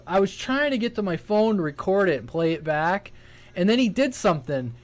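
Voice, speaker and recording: High-voiced, blunt CB radio man. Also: animated, a little fast. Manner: blunt, profane, storytelling. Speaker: CB radio station operator. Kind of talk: casual radio chat. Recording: CB radio transmission.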